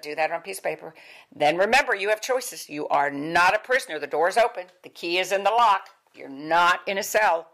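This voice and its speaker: Older female wellness speaker, low voice, emphatic, repeats key points like a coach. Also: a bit bright. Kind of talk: motivational talk.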